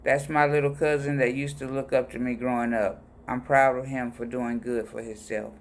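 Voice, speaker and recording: A man reading personal letters aloud in a plain, unhurried voice. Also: medium pitch, little pitch movement. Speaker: reader of letters.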